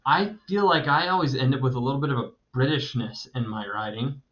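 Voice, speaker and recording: A man in his thirties gives a recorded creative writing lecture. He sounds eager and chatty, often breaking into laughter. His voice sits at a middle pitch, and the recording is dull and lo-fi. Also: a little fast, a bit bright. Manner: enthusiastic, conversational, laughs often.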